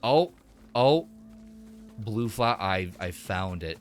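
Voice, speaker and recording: A man's voice: on the low side, expressive, unhurried, long pauses. A young man live-streaming a game, rambling to his chat in a casual, chuckling way.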